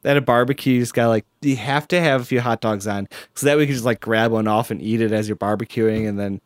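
A man hosts a podcast in loose, casual chat, his voice sitting at an ordinary middle pitch. He laughs often and stacks up fillers and restarts as he goes. The sound is dry and close. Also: steady tone, fast talker, no echo. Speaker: podcast host.

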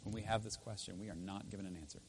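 A man preaching a sermon as pastor in a church, swinging between loud emphatic lines and quiet intense ones. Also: lowish voice, steady tone, racing, background noise. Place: church with speakers.

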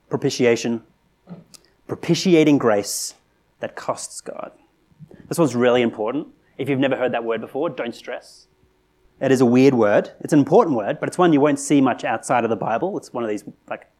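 Earnest male preacher, conversational sermon. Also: medium pitch. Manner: earnest, rising to animated emphasis with rhetorical questions; conversational with frequent restarts and "right?".

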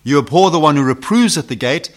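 Preacher swinging loud to hushed. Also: male voice, a little high, expressive, fast talker. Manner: dramatic swings from loud emphasis to hushed questions; rhetorical questions to the audience. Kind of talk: expository sermon.

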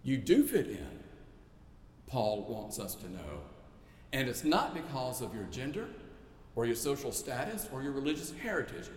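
A man's voice: mid-range voice, very animated, moderate pace. A male pastor preaching a sermon with emphatic, repetitive rhetorical build-ups. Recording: echoey church hall, faint noise.

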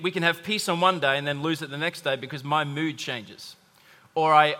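A man's voice: fairly high pitch, sharp tone. A man preaching a sermon to a congregation, conversational, with asides and humor. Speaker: pastor. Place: church hall. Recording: long hall reverb.

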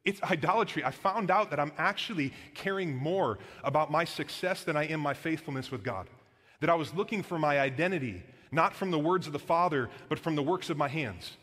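A man preaches a sermon in a casual, earnest way, peppering his points with "like" and "guys." His voice sits a little high for a man. A long reverb from the church hall trails each phrase. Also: lively intonation, brisk, a bit bright. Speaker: pastor. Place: church sanctuary.

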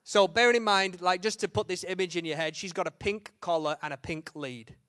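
A young man preaching shares a funny story from the pulpit, dramatizing his own inner thoughts and quotes and now and then calling out loudly. His energy comes in quick bursts with playful self-mockery, and his voice is fairly high for a male. Recorded dry and close, the audio has no room echo.

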